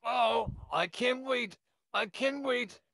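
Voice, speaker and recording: A man's voice: very high voice, slow pace, vocal fry, pushed and bright, dry recording, clean studio sound, full character voice. A man voicing an overexcited, friendly young neighbor who gushes and stammers, in a listener role-play. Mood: excited. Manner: eager, gushing, stammering.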